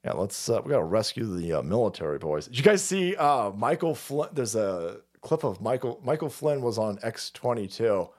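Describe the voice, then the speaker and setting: Man, middle-aged, livestream host, rambling casual chat, profane, self-mocking, lively swinging pitch. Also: normal speed, hardly any pauses.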